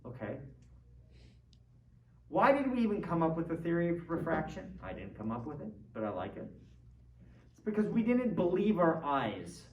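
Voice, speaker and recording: A man's voice: fairly high pitch, wildly swooping pitch, moderate pace, long pauses. A man teaching a philosophy class in a conversational way, quizzing his students and checking in with them often. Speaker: philosophy lecturer. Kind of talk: classroom lecture. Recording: roomy classroom, distant mic, faint noise.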